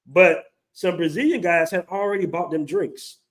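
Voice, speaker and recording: Host, man, 40s, slightly high voice, lively casual storyteller who swears. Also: moderate pace. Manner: animated, acts out quoted voices, swears casually.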